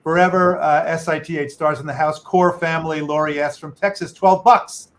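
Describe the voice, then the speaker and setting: A man's voice: on the high side, steady tone, normal speed. A middle-aged man, a medical correspondent co-hosting, chatting casually on a video call and reading donations aloud with joking asides.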